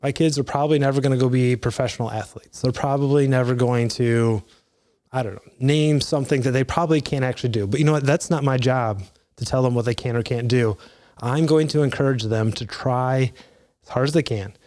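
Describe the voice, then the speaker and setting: A man's voice: medium pitch, brisk, a little mellow. A man in his thirties giving earnest, conversational advice to fathers, with restarts and asides. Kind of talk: casual motivational talk.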